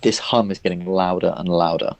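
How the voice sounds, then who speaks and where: A man's voice: low voice, fairly even intonation, fairly quick, gravelly. A man narrating as dungeon master of a tabletop game, describing scenes in loose, filler-heavy speech.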